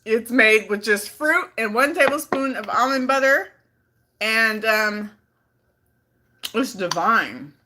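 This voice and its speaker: A woman from California hosts a casual live stream, talking loosely and playfully. Her voice is bright and sits a touch high, and she keeps the chat easygoing and talkative. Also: animated, slow pace, long pauses, slight background noise. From California, Bay Area. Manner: chatty, playful, reads comments aloud. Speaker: vlogger on a livestream.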